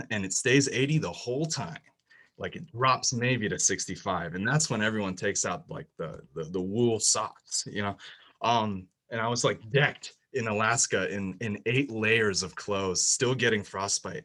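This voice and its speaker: In a rough recording, a young man with a voice on the low side recounts his personal faith journey. The telling is full of feeling and many restarts, building louder and higher toward the climax.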